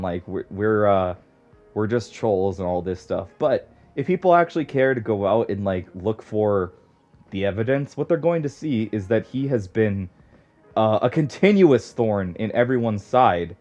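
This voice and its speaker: A man's voice: medium pitch, a little mellow. A young man rambling casually as a podcast guest, swearing often and filling his talk with "like.". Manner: rambling, swears a lot, heavy use of "like". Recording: dull lo-fi audio.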